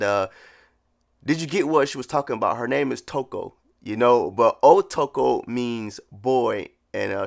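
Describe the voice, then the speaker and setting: A man's voice: mid-range voice, creaky, fairly bright tone. A man casually reviewing a manga chapter, laughing often and acting out character lines. He says he is a little sick.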